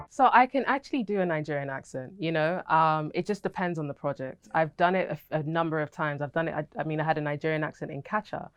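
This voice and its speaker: A woman's voice: sits low, smooth, no echo, highs cut off. A young woman with a British accent, an actress answering interview questions in a candid, chatty way and laughing easily.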